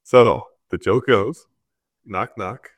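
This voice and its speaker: A man with a very deep voice co-hosts a relaxed podcast. He tells jokes in a dry way, chuckling through the setup. His voice sounds close and dry, with no room echo. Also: slow. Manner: dry joking, laughs mid-story. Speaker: podcast co-host. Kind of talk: casual chat.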